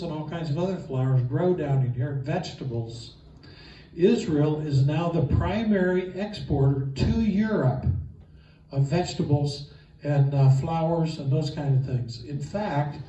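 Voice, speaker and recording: Recorded from afar in an echoey room, this informal Bible geography lecture comes from a man whose voice is fairly high but dark in tone. He teaches enthusiastically and conversationally, with fillers, and the dull audio carries a little hiss or hum.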